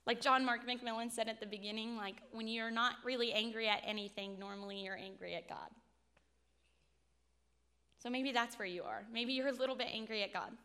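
A woman's voice: on the high side, fairly even intonation, fairly quick, sharp tone, clear, resonant tone, in a large hall. A woman in her twenties giving a sermon, telling a personal story in an earnest, confessional way. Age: 20s. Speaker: speaker at a faith talk.

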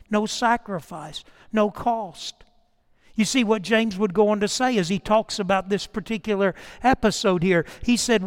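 A middle-aged man preaching a sermon with passion, swinging from loud declarations to hushed storytelling and repeating words as he goes. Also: high-pitched, in a large hall. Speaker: pastor.

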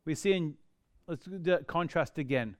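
A middle-aged man preaching a sermon, telling stories in an animated way with humorous asides. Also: fairly high pitch, moderate pace, no echo, clean studio sound. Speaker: pastor.

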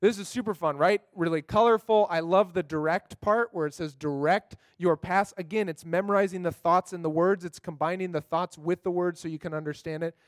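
A man's voice: high voice, fairly even intonation, fairly quick, hardly any pauses, no room sound. A man giving a casual, upbeat talk on memorizing scripture, chatty, with many fillers and tag questions.

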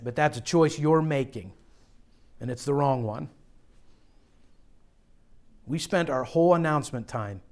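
A young man preaching a sermon as pastor, earnest and direct, often dropping to a quiet hush to drive a point home. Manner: earnest, drops to a low hush for emphasis.

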